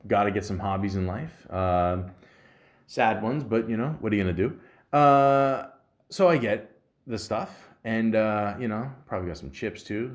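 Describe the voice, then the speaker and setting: A man hosting a podcast, talking in a rambling, joking monologue full of swearing and fillers. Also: on the low side. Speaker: podcast host.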